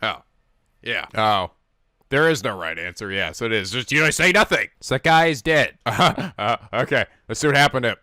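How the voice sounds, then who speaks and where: A man hosting a casual anime reaction, animated, laughing and swearing often. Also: medium pitch, normal speed, dry recording.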